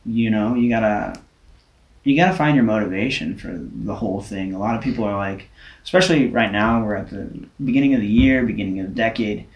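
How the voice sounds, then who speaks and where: A relaxed man talks casually as a podcast guest, loose and full of fillers. He sits back from the mic, and his voice carries a roomy echo. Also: fairly low pitch, brisk, far from the mic. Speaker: guest runner. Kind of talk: casual interview chat.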